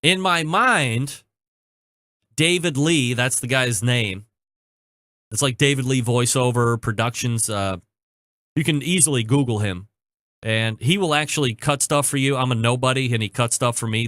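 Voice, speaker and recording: A man hosting his own podcast, telling a story in a chatty, joking way with quick asides, then reading a sponsor spot. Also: medium pitch, fairly bright tone, dry recording, studio quality. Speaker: podcast host. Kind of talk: casual chat and sponsor read.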